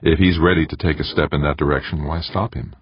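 A man reading the part of a calm, manipulative woman who coaxes her ally in an audiobook. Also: extremely low pitch, fast talker, breathy edge, no echo. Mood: coolly persuasive. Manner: cool and coaxing. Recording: dry, dull lo-fi audiobook recording.

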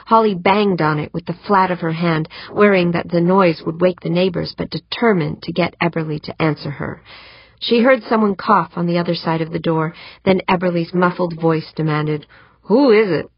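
Brief: woman audiobook narrator, low husky tone, steady reading, dull dry recording. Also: moderate pace, no room sound. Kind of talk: scripted narration.

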